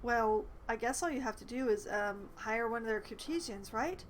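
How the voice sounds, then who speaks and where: A woman's voice: fairly high pitch, animated, moderate pace, a little hiss or hum, natural voice, rough recording. A woman reading aloud the game dialogue of a frightened man who babbles anxiously about vampires hunting him. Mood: nervous.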